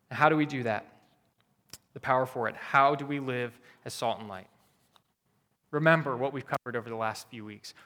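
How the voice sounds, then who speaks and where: A man's voice: fairly high pitch, fairly bright tone. A man preaching a sermon as pastor, earnest and repeating key phrases for emphasis. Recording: long hall reverb.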